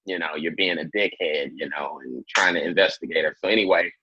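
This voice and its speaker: Male comedian guest, deep raspy voice, animated storyteller, lo-fi audio. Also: fairly quick, no room sound. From Indianapolis, Indiana. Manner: animated storyteller, acts out quotes in a much higher voice. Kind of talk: casual interview storytelling.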